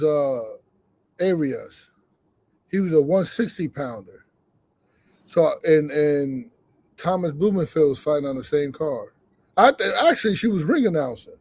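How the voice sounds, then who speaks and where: A man telling a boxing story on a call-in show in a casual, animated way, acting out the quotes and swearing freely. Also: a little high, no echo.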